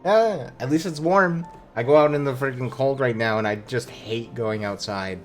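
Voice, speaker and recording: A man's voice: medium pitch, moderate pace. A man streaming a game, chatting casually with joking, profane asides, with faint game music behind. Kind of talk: casual gameplay commentary.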